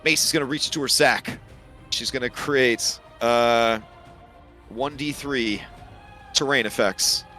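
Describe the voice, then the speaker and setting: A man's voice: mid-range voice, slow pace, pauses often, pushed and bright, faint music behind. Young man running a tabletop game. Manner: hesitant, filler-heavy, chuckling. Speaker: game master.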